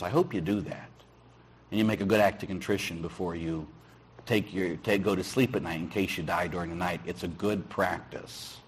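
A middle-aged man, a Catholic priest, giving a folksy, teasing sermon with a husky voice. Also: low-pitched, a little hiss or hum. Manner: folksy, teasing, acts out dialogue with shouts. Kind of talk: sermon with storytelling.

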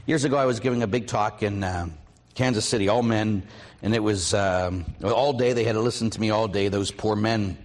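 Recorded with a big-room sound, a middle-aged male priest of medium pitch preaches a mission talk. Along the way he tells personal stories, brings quoted voices to life, and questions the audience.

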